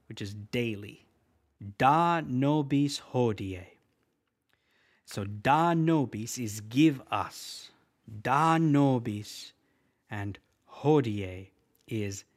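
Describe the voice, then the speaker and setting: A man teaching a prayer in Latin as a language lesson, patiently repeating each phrase slowly and clearly. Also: medium pitch. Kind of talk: slow spoken language lesson.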